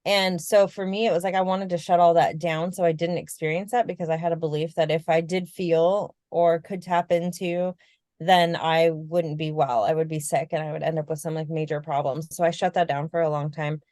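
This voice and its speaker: Candid lower-voiced woman in casual chat. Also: fairly even intonation, fairly quick, darkish tone, no echo, clean studio sound. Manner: candid, reflective, swears casually, laughs often. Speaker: podcast co-host.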